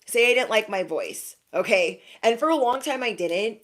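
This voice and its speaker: A woman's voice: fairly high pitch, animated, moderate pace. A young adult woman giving a casual intuitive reading to her viewers, frank and chatty, full of "like" fillers. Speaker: intuitive card reader.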